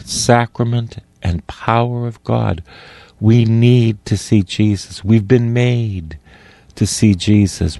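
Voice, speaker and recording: A man's voice: on the low side, warm tone, dry recording. A man preaching a sermon, repeating phrases for emphasis and stretching out key words. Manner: repeats phrases for emphasis, rising on quoted lines; slow, drawn-out emphatic delivery.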